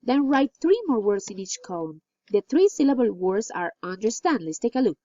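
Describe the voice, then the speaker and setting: A woman teaching an English lesson, reading exercises slowly and clearly and praising answers. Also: medium pitch, big pitch swings, dark tone, no echo. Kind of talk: recorded classroom lesson. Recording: dull, lo-fi dry recording.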